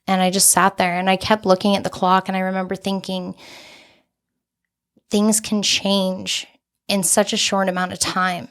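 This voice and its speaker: A woman's voice: medium pitch, monotone, moderate pace, a bit bright, smooth. A young adult woman, a podcast guest, telling a personal story in an earnest, candid way with many casual fillers.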